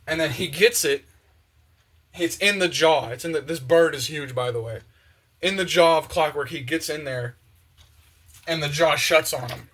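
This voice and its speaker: A young man chatting casually and excitedly, full of slang and fillers, while doing the dishes in his kitchen. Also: a little high, moderate pace, pauses often. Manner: excited, slangy, many fillers, acts out quotes. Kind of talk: casual rambling monologue. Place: home kitchen with open windows.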